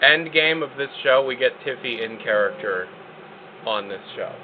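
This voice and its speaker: A man hosting a live stream, chatting excitably and joking with casual swearing. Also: medium pitch, normal speed, phone-quality sound, slight background noise. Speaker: streamer host.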